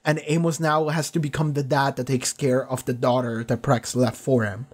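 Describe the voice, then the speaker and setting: A man's voice: mid-range voice, little pitch movement, normal speed. A man giving casual, enthusiastic commentary as a reaction streamer, rambling and laughing often.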